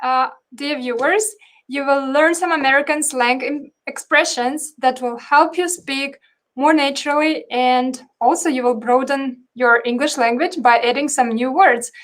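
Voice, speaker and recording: A woman hosting a live stream, introducing the guest in a deliberate, formal way with hesitations. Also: sits high, fairly even intonation, a bit bright. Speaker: host.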